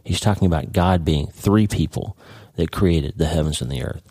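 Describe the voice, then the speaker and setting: A man from Oklahoma giving earnest devotional Bible teaching on his podcast, slowing down to stress key phrases. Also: sits low, dark tone, slightly rough, no echo. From Oklahoma, United States. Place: ranch.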